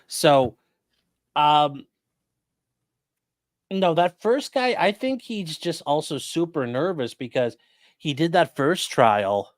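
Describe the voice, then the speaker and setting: A man co-hosting a livestream who casually comments on a trial and talks in quick bursts with fillers. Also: a little high, animated, no room sound, clean studio sound. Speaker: defense attorney co-host.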